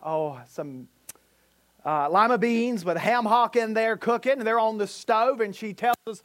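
A man's voice: sits high, measured pace, a bit bright. A man, preaching and telling a vivid personal story with hesitant restarts. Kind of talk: sermon storytelling.

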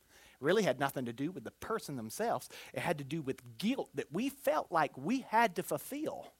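A preacher giving a Pentecostal sermon in an animated, exclamatory manner, with call-and-response to the congregation. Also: medium pitch, moderate pace, husky, no room sound.

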